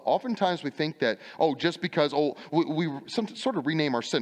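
A man's voice: a little high, expressive, moderate pace, few pauses. A male pastor preaching a sermon, firing rhetorical questions and repeating his refrains with emphasis. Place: church sanctuary. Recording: long church reverb.

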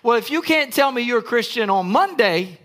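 Older pastor guy preaching hard, really high bright voice, gets loud and punchy. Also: expressive, moderate pace. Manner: emphatic preaching, rising to shouts. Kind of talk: sermon.

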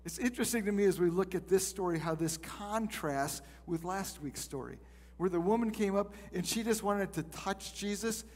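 A man's voice: high voice, moderate pace, a little mellow, in a large hall. A male pastor teaching a sermon in a conversational way, reading scripture and acting out the people in it.

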